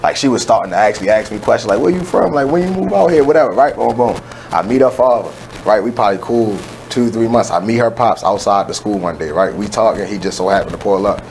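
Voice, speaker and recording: A man's voice: lowish voice, fast talker, a little mellow, a little hiss or hum, poor audio. A young man from West Baltimore, co-hosting a radio show and telling a story in a casual, emphatic way with plenty of swearing. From West Baltimore, USA. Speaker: co-host.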